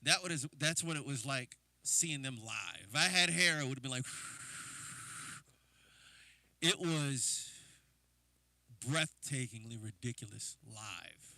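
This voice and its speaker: A man's voice: mid-range voice, animated, measured pace, vocal fry, bright, forceful tone, no room sound. A man from New Jersey, a drummer hosting a livestream, telling casual, rambling stories with lots of fillers. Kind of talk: casual storytelling.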